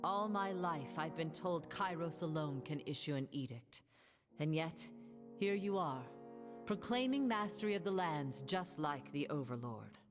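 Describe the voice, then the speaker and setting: A woman's voice: deep voice, animated, unhurried. An actress playing a solemn female mage in a video game, formal and reverent. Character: solemn female mage saluting her lord. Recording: reverberant game audio with music.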